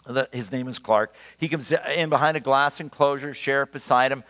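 A man in his sixties preaching a sermon, emphatic and animated, telling personal stories. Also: medium pitch, normal speed. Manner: animated, emphatic, storytelling with laughs. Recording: long reverb of a large hall.

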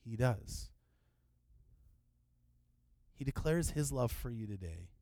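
A middle-aged man preaching a sermon in a relaxed, conversational way, often restarting his phrases. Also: medium pitch, slow, no room sound. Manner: conversational, repeats words when restarting. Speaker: pastor.

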